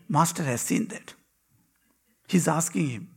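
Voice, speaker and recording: A man, a monk, telling devotional stories in a spiritual talk, with dramatic pauses and drops to a hushed whisper. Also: on the high side, animated, vocal fry, slightly rough. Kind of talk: devotional storytelling.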